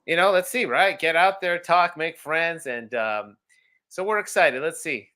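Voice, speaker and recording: A man chatting as a guest on a sports podcast, excitable and hyped. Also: on the high side, a little slow. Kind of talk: casual sports podcast chat.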